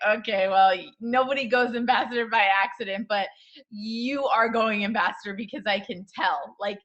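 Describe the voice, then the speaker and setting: A woman's voice: on the high side, normal speed, a bit bright, lo-fi sound. A woman co-hosting a casual motivational chat who cheers her guest on and laughs often.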